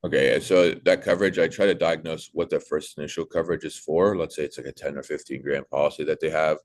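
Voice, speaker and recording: Low-voiced man coaching a sales team. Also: fast, slight background noise. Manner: animated, acts out sales calls in a bright put-on voice. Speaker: sales trainer. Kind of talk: casual sales coaching talk.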